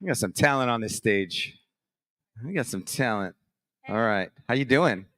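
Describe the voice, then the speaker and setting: An energetic man hosts a live stage contest, calling contestants up and beatboxing beats for them. His voice sits at a middling pitch. The sound is dry and close. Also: moderate pace, no room sound. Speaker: morning show host. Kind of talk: live event hosting. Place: conference stage with audience.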